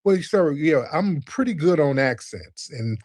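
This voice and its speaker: A man speaking politely and calmly in a tense conversation, calling the other man sir. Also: on the high side, a little slow, dry recording.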